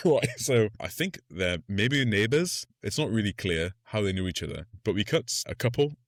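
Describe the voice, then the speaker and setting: A man's voice: on the low side, normal speed, no echo, clean studio sound. A man co-hosting a podcast, retelling a film scene by scene in casual, laughing chat. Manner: laughing, animated retelling with acted-out quotes. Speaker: podcast co-host.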